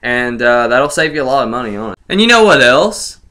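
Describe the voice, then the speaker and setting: A man's voice: mid-range voice, very animated, fairly quick, pushed and bright. A young man ranting sarcastically about a video game, gloating and laughing in disbelief as he talks to his viewers. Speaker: gaming vlogger.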